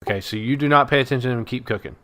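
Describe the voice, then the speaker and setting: A man running a tabletop game as dungeon master. His voice is bright and forceful as he narrates casually, with plenty of uhs and likes along the way. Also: mid-range voice, very fast. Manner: casual, laughing narration with fillers.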